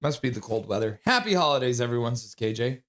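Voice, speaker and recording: A man's voice: medium pitch, animated, fast talker, a bit bright. A chatty man hosting a live stream who greets each viewer by name and reads their messages aloud. His voice rises and falls a lot. He has the sniffles and a runny nose. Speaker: livestream host. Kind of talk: casual live-stream chat reading viewer comments.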